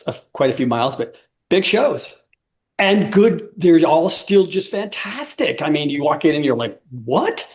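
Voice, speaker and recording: A man in his fifties, a musician guest telling rambling stories in a casual interview, laughing often and acting out quotes. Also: a little high.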